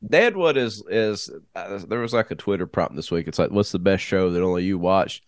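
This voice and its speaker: Man, podcast co-host, bronchitis, frequent laughter, lowish voice, dry sound. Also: moderate pace, no room sound. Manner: laughs often, loose rambling. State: bronchitis, coughing. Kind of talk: casual chat.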